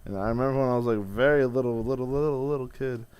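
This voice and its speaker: Smooth-voiced young man venting profanely. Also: medium pitch, fast, darkish tone. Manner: rambling, profane, many restarts. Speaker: vlogger. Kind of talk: casual venting vlog.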